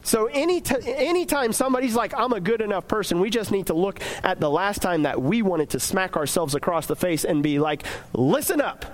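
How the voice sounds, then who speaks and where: Young male preacher with a high voice, conversational delivery that slips into acted-out inner voices. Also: animated, a little fast, hardly any pauses. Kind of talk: casual sermon.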